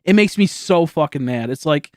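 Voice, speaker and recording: Rambling young man, slightly high voice. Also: lively intonation, moderate pace, darkish tone, no room sound, clean studio sound. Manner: rambling storytelling, swearing, laughing often. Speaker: streamer. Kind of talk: casual livestream chat.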